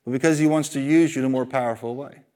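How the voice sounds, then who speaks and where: Man, pastor, sermon, mid-pitched voice, animated, call-and-response. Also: fast. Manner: animated preaching with call-and-response, jokes and sung asides.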